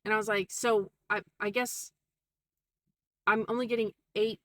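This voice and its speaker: A woman vlogging a casual storytime, animated and quoting people in put-on voices. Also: medium pitch, moderate pace, recorded from a distance, poor audio.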